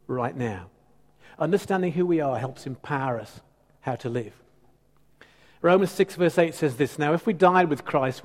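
A male preacher delivers a sermon in a conversational, teasing style with emphatic turns. His voice sits fairly high for a man. The sound carries a long reverb from a church hall.

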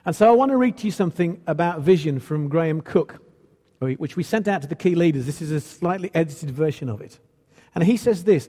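A man's voice: on the high side, dark tone. Earnest male preacher in a reverberant hall. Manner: earnest, rising to emphatic repetition. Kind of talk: sermon.

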